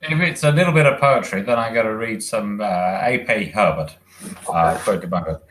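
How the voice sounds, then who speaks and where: A man's voice: on the low side, normal speed, a bit bright. A man who is an author, appearing as a guest on a podcast, speaking in a bookish way and reciting verse. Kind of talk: casual panel chat.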